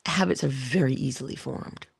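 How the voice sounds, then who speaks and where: Very gravelly husky-voiced woman speaker. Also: extremely low pitch, dry recording, clean studio sound. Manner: deliberate, drops to whispers for emphasis; addresses listeners directly and warmly. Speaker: motivational speaker. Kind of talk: inspirational monologue.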